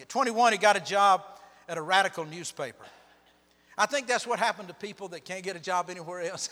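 Baptist-style pastor guy preaching, high bright voice, big church echo, goes loud then quiet. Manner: storytelling, dramatic shifts in loudness. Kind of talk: sermon. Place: church sanctuary.

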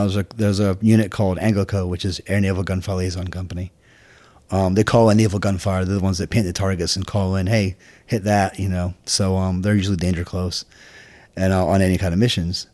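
A middle-aged man from Scotland with a Scottish accent, telling stories from his life in a casual interview, halting and full of restarts. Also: level tone. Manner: halting, many restarts, low and quiet asides. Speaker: podcast guest.

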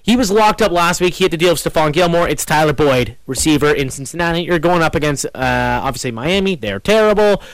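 A man hosting a casual sports podcast, talking in an animated way with quick swings in pitch. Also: dry recording. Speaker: podcast host.

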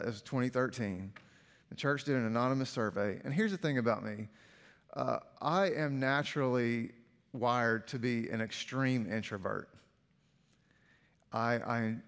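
A man's voice: mid-range voice, a bit bright, clean tone. A male pastor telling a personal story in a sermon, candid and conversational, with many filler "like"s. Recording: long hall reverb.

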